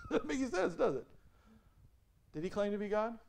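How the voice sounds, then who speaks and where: Man, pastor, high-pitched, lively questioning sermon delivery with frequent laughs. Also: normal speed, gravelly, slight background noise. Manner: asks the congregation questions and lets them answer. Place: church sanctuary.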